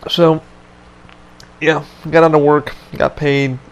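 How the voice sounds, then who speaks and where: A man's voice: on the high side, level tone, slow pace, clear, resonant tone, dull audio. A man hosting a podcast, telling a story in a casual chat with lots of swearing and loose rambling. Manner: profane, laid-back, loose rambling. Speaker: podcast host.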